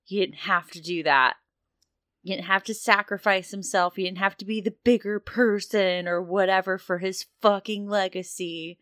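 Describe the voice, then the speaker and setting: A woman's voice: mid-range voice, fairly even intonation, moderate pace, bright, forceful tone, no echo, studio quality, pitched above the performer's own voice, close to an everyday voice. A woman playing a grieving young heroine. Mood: bitter grief. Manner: bitter, raw grief. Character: grieving young woman who lost her boyfriend. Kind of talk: playing a character in a tabletop game.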